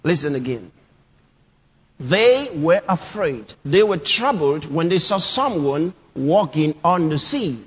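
High-voiced preacher man in a reverberant hall. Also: sing-song, takes it slowly, slightly rough. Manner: emphatic, repeats scripture lines, rising to shouts. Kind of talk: sermon. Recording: dull lo-fi sound with long hall reverb.

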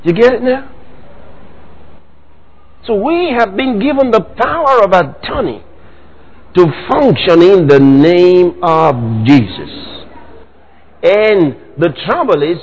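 A man preaching a sermon, dramatic, bursting into sudden shouts. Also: high voice, expressive, slow, long reverb tail, muffled recording.

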